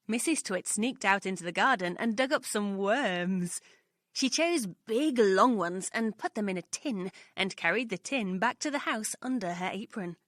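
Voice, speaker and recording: A woman narrating a children's story, reading aloud clearly and expressively. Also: mid-range voice, a bit bright, no echo, studio quality.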